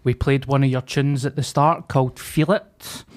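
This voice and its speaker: A man's voice: mid-range voice, fairly even intonation, normal speed. Podcast host guy, easygoing, joking around. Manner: chatty, joking, loose. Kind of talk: casual chat.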